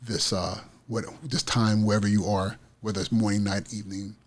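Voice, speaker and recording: A man's voice: lowish voice, steady tone, moderate pace. A man hosting an education podcast, talking with passion and emphatic repetition about teaching kids to win. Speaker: podcast host, school principal. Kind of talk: motivational podcast monologue.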